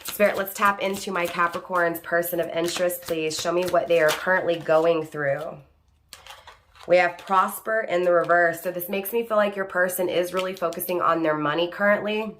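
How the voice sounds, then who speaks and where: Tarot reader, woman, lowish voice, keeps asking "right?" while rewording her points, faint card shuffling behind. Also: steady tone, normal speed, fairly bright tone, a little hiss or hum. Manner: repeats "right?" and rephrases each point; addresses the viewer by star sign. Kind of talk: online tarot reading.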